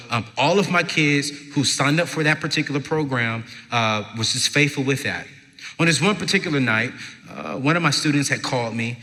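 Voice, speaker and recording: A man, a former youth pastor, telling an animated story to an audience and acting out his own reactions, in a large hall with a long reverb. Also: medium pitch. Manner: animated, jumps to shouting acted quotes. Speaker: speaker at a parenting event, former youth pastor. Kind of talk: stage storytelling. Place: event stage in a large hall.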